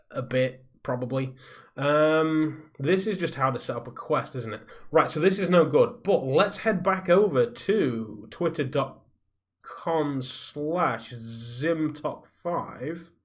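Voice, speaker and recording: A man live streaming from a soundproofed home recording room, rambling in casual chat and reading viewer comments aloud. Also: fairly high pitch. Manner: rambling, reads viewer comments aloud, skims text with "blah blah".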